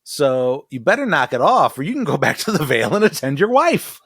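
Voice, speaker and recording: A man's voice: fairly high pitch, sing-song, a little fast, a bit bright, slightly rough, no room sound, studio quality, voice pushed up, full character voice. A man putting on the voice of an angry woman scolding a prince, in an exaggerated, swearing mock impression. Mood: outraged.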